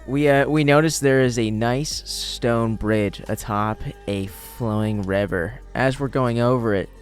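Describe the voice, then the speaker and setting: Slow, laid-back male game master. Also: medium pitch. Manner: laid-back, laughing, swearing. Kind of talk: casual tabletop game narration. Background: faint music.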